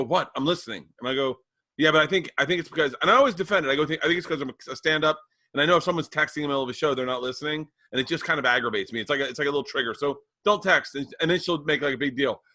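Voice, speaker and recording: A man's voice: medium pitch, pushed and bright, no room sound. A man who is a stand-up comedian, co-hosting a podcast in casual chat and telling stories by quoting the back-and-forth, with some swearing. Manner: laid-back storyteller, swears, quotes back-and-forths.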